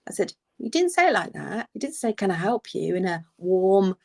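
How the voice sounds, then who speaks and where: A gravelly, medium-pitched voice at a moderate pace belongs to a middle-aged nurse who co-hosts an advice podcast. Chatting casually, she tells lively stories and acts out quoted phrases.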